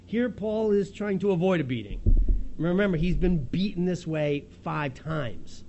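A man preaching a sermon, retelling a story in a lively, chuckling way as if he can see it happen. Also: sits high, measured pace, muffled recording, slight background noise. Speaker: pastor.

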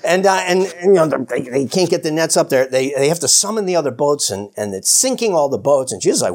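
A man teaching the Bible in a casual, animated way. He often chuckles, restarts his sentences and acts out the characters' lines. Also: a little high, fairly quick, hardly any pauses. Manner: rambling with many restarts and "you know".

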